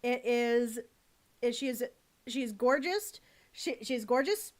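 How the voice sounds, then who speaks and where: A young woman chatting on a live stream from her home setup, her voice pitched high. She rambles and gushes, swears casually and stops to thank her chat. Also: lively intonation, slow.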